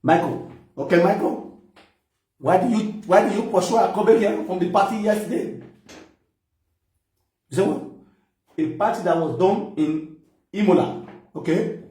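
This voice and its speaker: A man's voice: high-pitched, moderate pace, long pauses, mellow. A Nigerian man doing a comic, mocking one-sided call, teasing and often breaking into laughter. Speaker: comedian. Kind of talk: comic mock phone call. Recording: echoey room, mic at a distance.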